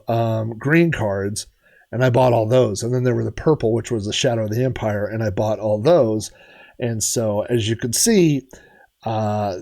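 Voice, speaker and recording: Middle-aged male streamer, casual and rambling, mid-pitched voice. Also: darkish tone. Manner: rambling, many fillers and restarts. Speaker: retro gaming streamer.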